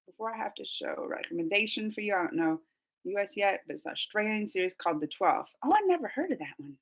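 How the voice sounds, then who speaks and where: A woman's voice: mid-range voice, lively intonation, quick pace, highs cut off. A young woman hosting a casual live stream, chatting and giggling as she reads out viewer comments. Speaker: reaction channel host.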